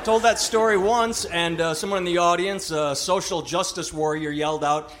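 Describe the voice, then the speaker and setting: A man performing a stand-up comedy set, mocking and animated, acting out the voices of other people. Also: high voice, normal speed, few pauses, a little hiss or hum.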